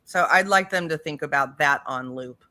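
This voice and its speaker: Woman, co-host, emphatic, repetitive, swearing, bright tense voice. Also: low-pitched, normal speed. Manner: emphatic, repeats phrases, swears. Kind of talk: casual commentary chat.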